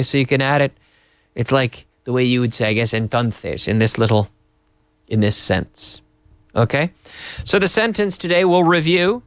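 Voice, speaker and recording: A middle-aged man teaching a live online English lesson, lively and repeating words over and over to drill pronunciation. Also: medium pitch, smooth, no room sound, studio quality.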